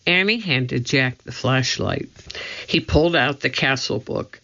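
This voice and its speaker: A man reading a children's story aloud in a steady, scripted narration. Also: medium pitch, a little slow. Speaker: audiobook narrator. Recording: slightly dull lo-fi audio.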